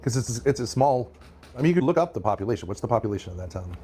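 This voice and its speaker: A man's voice: medium pitch, very animated, rapid-fire, mellow, a little hiss or hum. A man in casual commentary, ranting bluntly and profanely, often repeating himself. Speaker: stream guest commenting on drama.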